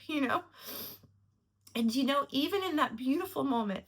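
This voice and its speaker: A woman's voice: high voice, moderate pace, pushed and bright. A woman telling a personal story to camera in a reflective, earnest way, at times emotional. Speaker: vlogger.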